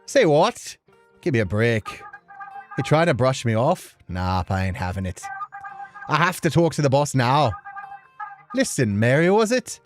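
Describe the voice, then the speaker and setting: A woman voicing a fast-talking, anxious male mouse deliveryman with an Irish accent, in a pleading, theatrical way. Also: extremely low pitch, very animated, soft background music, heavily acted. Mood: boastful. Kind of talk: let's play voice acting.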